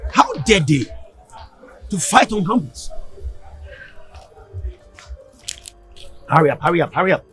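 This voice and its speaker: A man playing a stern school principal who scolds in a lively, insistent way. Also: high-pitched, fairly quick, faint music behind. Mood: outraged. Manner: scolding, repeats himself. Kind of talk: drama acting.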